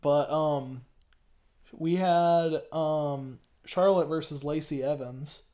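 A man's voice: a little high, fairly even intonation, slow pace, dark tone. A man from the US South hosting a casual podcast, talking in a rambling, hesitant way with many ums. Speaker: podcast host. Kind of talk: casual chat.

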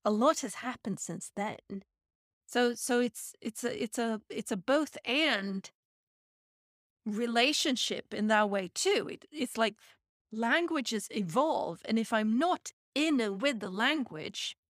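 A woman's voice: fairly high pitch, lively intonation, slow pace, a bit bright, dry recording, clean studio sound. A woman from Sweden in casual conversation, reflective and often restarting her phrases.

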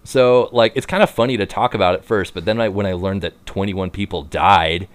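A man's voice: low voice, brisk, no echo. A man in casual chat, telling a story with lots of fillers, restarts and bursts of laughter. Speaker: podcast co-host.

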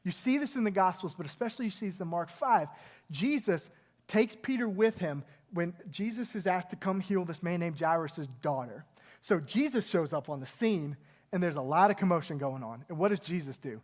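A man's voice: sits high, animated, normal speed. A male pastor preaching a sermon, retelling a scripture story in an earnest, emphatic way.

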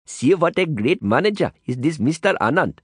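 A man voicing an excitable, eager small street guide, in a storybook reading. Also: on the high side, normal speed, slightly rough, no room sound, clean studio sound, pitched above the performer's own voice. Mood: cheerful. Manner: pleading, eager, chattering.

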